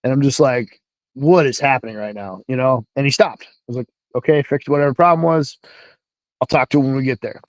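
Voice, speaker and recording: A man recounts a deployment story in a loose, animated way, swearing freely and acting out both sides of the conversation. His voice sits at an ordinary pitch. The sound is dry and close. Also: quick pace, dry recording, low-quality recording. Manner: animated, profane, acts out dialogue. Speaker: guest, military veteran. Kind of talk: casual storytelling.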